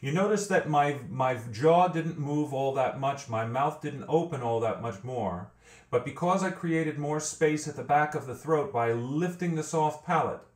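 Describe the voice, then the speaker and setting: A man's voice: mid-range voice, a little slow, echoey room. A man teaching a vocal training lesson, explaining step by step and often repeating words as he thinks. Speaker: vocal coach.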